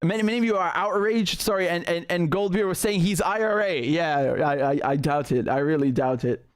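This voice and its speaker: A man's voice: a little high, brisk, clear, resonant tone. A man hosting a live political stream, talking in a heated, sarcastic way with many restarts.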